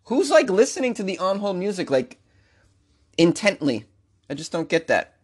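A man's voice: sits high, big pitch swings, moderate pace, husky. A man hosting a comedic news podcast, rambling and joking in a self-mocking way. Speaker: podcast host.

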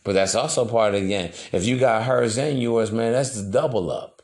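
A man's voice: fairly low pitch, moderate pace. A man hosting a podcast, talking in a loose, slangy, preachy monologue. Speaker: podcast host. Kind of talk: casual monologue.

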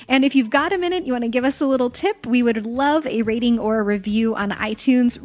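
A woman's voice: mid-range voice, no room sound. A woman co-hosting a casual book podcast, talking earnestly and a little nervously about books that move her. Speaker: podcast co-host.

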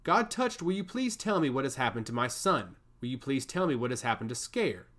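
A man's voice: medium pitch, very animated, fairly quick, a bit bright. A man voicing a haughty female royal vizier with a harsh, scornful manner, in a storybook reading. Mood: pleading.

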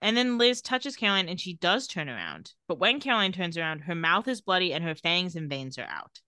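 A young woman co-hosting a podcast, recapping a TV episode in a sarcastic, deadpan play-by-play and acting out the characters' lines. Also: fairly low pitch, fairly quick, smooth, no room sound, studio quality. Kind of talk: casual recap chat.

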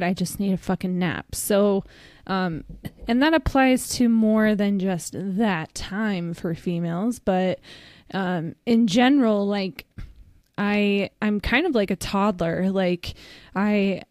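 A woman's voice: mid-range voice, slow pace, darkish tone, no room sound. A young woman co-hosting a podcast in candid, casual chat, swearing freely and laughing often. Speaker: podcast co-host.

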